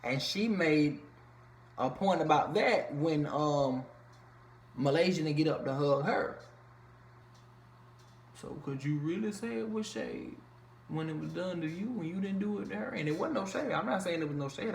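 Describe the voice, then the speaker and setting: A man's voice: fairly high pitch, lively intonation, moderate pace, vocal fry, a little hiss or hum. A man giving a casual, blunt, profanity-filled rant reviewing a reality show from a room at home. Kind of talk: casual vlog commentary. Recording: echoey room, faint ambience.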